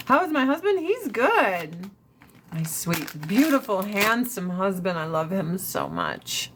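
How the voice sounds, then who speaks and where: A woman's voice: mid-range voice, huge pitch swings, takes it slowly, noisy background. A woman in her forties chatting casually with viewers on a livestream, brash and profane, ranting and laughing often. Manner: laughs often between lines.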